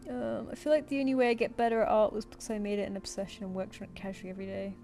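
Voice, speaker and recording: A woman's voice: mid-range voice, flat delivery, rapid-fire, creaky, mellow, faint music behind. A woman streaming while she draws, thinking aloud and answering her viewers in casual chat. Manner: chatty, thinks aloud, reads chat comments and answers them. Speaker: streamer drawing live.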